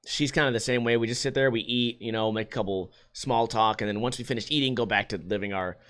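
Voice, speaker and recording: A man's voice: mid-range voice, fast talker, fairly bright tone. A man hosting a podcast, telling a restaurant story in a casual, ranting, profane way. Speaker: podcast host. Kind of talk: casual chat.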